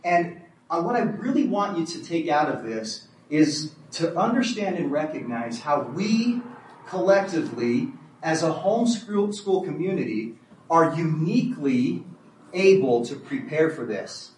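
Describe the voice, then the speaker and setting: A man telling a story to an audience in an animated way, acting out quotes and chuckling as he speaks. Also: on the high side, a little slow, slight background noise. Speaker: speaker at a homeschool community event. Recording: roomy, distant mic, faint ambience.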